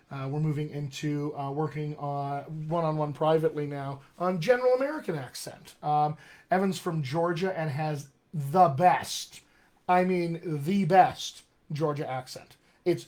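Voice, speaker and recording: A man working as a dialect coach, giving an upbeat, persuasive live-streamed talk to actors and often checking in with "all right?". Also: fairly high pitch.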